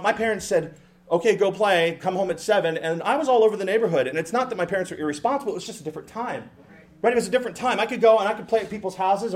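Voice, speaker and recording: A middle-aged man preaching a sermon to a congregation, animated and joking, with many restarts and acted-out quotes of parents. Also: sits high. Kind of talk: sermon with humorous asides.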